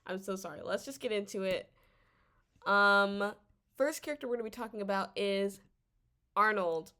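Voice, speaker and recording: A woman with a mid-range voice and moderate pace vlogs casually about a drama series. She comes across as animated and exasperated, rambling while she stammers and restarts often.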